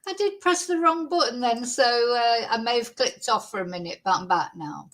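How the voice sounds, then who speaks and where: A woman's voice: a little high, expressive, normal speed, fairly bright tone. A woman hosts a casual live chat. She talks in a loose, rambling way and stops to thank viewers by name. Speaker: livestream host.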